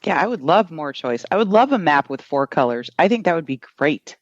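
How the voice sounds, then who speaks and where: Dry-witted man, higher voice, lo-fi. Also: big pitch swings, fairly quick. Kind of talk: casual political chat.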